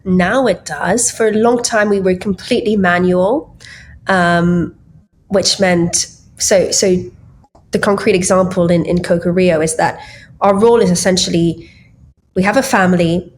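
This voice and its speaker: A woman's voice: fairly low pitch, fairly even intonation, a little slow, slight background noise. A woman guest on a podcast, chatting casually and lightheartedly, laughing often between many fillers. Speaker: guest, tech founder.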